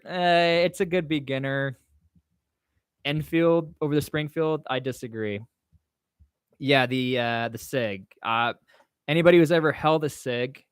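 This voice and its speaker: A man's voice: on the high side, smooth, no room sound, studio quality. Chatty man hosting a livestream. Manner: rambling, chatty, reads questions aloud and answers offhand. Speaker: livestream host. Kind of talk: casual livestream Q&A, answering chat.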